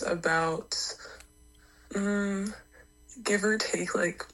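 A woman's voice: lowish voice, steady tone, normal speed, over a noisy crowd, low-quality recording. A young woman with a congested voice from a cold, a university volleyball player chatting through interview answers with lots of fillers. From Canada. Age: young adult. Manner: chatty, lots of likes and ums.

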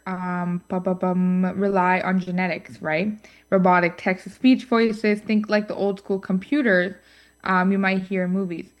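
A woman co-hosts a scripted podcast segment, reading her lines in a middle-pitched voice. She stumbles now and then, fills pauses with ums and drops in playful asides. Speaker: co-host. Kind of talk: scripted podcast chat on voice technology.

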